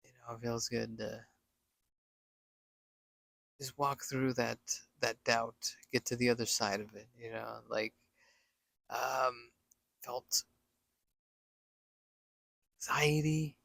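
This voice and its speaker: A man's voice: medium pitch, fairly even intonation, slow pace, creaky, pauses often, fairly bright tone, no room sound. A man casually telling a personal story, rambling with many fillers and dropping almost to a whisper when quoting his own thoughts. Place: Las Vegas.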